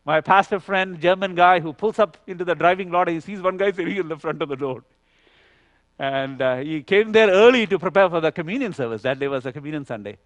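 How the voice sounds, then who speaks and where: A man preaching at a youth conference, telling a story with lively acted dialogue and frequent "you know". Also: fairly high pitch, a little fast, dry recording. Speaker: conference speaker. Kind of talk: sermon storytelling.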